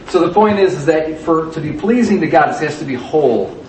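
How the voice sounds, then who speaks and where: A man's voice: fairly high pitch, expressive, brisk, a little mellow. A man leading a Bible study class, explaining passages and repeating key words for emphasis. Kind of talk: teaching a scripture class. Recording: echoey room, distant mic, faint noise.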